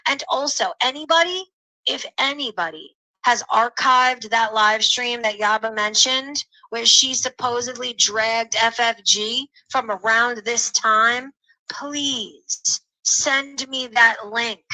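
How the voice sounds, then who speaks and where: A woman's voice: fairly high pitch, slow, pushed and bright, rough recording. A woman live streamer chatting casually with her viewers and signing off.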